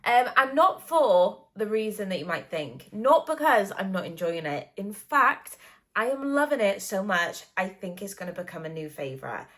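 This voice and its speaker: A woman's voice: medium pitch, big pitch swings, moderate pace, a bit bright. A young British woman chatting at home in a casual book vlog, bubbly and gushing, with lots of likes and ums. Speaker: book vlogger.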